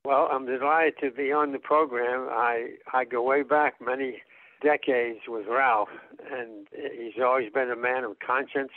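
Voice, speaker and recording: A man joining a radio show as a guest, speaking in a warm, measured way. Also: mid-range voice, steady tone, no echo. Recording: tinny phone line.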